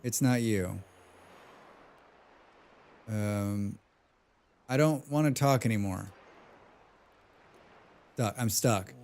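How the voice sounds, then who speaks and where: A male game streamer talking casually as he plays. He rambles from point to point, jokes, and pokes fun at himself. His pitch sits in an ordinary middle range. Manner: rambling, joking, self-deprecating. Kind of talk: casual gaming livestream commentary.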